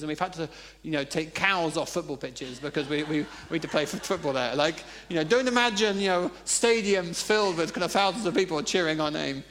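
A man's voice: fairly high pitch, fairly bright tone. A man preaching a sermon, telling funny personal stories in a conversational way. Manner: conversational, humorous storytelling.

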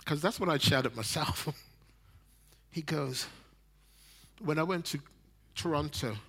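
A man in his sixties preaching a sermon, swinging between loud emphasis and quiet, near-whispered lines. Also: fairly high pitch, moderate pace, pauses often.

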